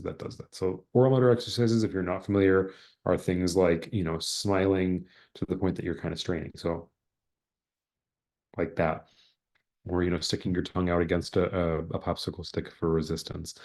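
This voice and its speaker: Low, mellow-voiced man teaching online. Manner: hesitant, many fillers and word searches. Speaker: exam prep instructor. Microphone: video call.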